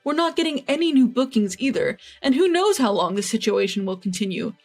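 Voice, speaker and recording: A man's voice: very high voice, fairly quick, faint music behind. A woman reading as a bullying older father-in-law. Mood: pleading. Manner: pleading then blustering.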